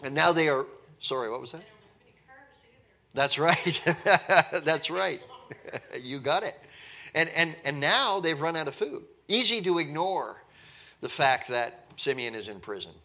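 A man teaches the Bible verse by verse, reading scripture aloud and then explaining it in plain, conversational language, acting out what the characters say. His voice is a little high, bright and forceful, with lively intonation and an unhurried pace.

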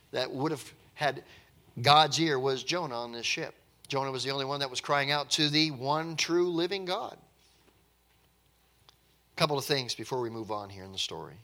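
Bright-voiced man preaching a sermon. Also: medium pitch. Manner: conversational, emphatic, repeats words.

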